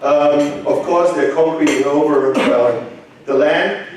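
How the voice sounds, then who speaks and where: A man's voice: fairly high pitch, slow, darkish tone, a little hiss or hum. German-accented man lecturing in an echoey hall. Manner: engaging, asks the audience questions, jokes. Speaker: conference speaker. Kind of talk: conference lecture with audience questions. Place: large conference hall. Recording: echoey hall, mic from far off.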